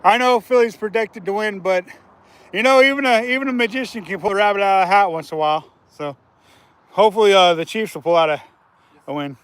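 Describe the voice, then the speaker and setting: A man's voice: sits high, fast, fairly bright tone, clean tone, no echo. A man hosting a casual fishing livestream from outdoors by a river, chatting with viewers and laughing often.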